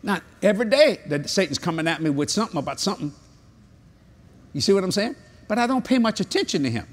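Older evangelist, husky and a bit high, comic preaching with bursts of squeaky exclamation. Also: male voice, fast. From New Orleans, Louisiana. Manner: animated, jokey storytelling with sudden high-pitched exclamations. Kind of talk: humorous sermon. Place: large convention hall.

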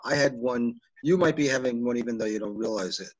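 A man's voice: medium pitch, fast, low-quality recording. A man casually chatting during a video call, recording the session. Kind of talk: casual chat.

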